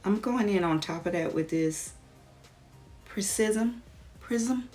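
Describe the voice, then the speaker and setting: A woman's voice: mid-range voice, slow pace, warm tone, faint music behind. A woman vlogger chatting casually, retelling a story while doing her makeup.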